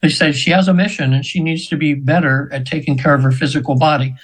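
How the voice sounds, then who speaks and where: A man's voice: fairly high pitch, fairly even intonation, fast, breathy edge, low-quality recording. A man in his seventies, a radio show guest, telling a spiritual story in an earnest, meandering way with frequent restarts. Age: 70s.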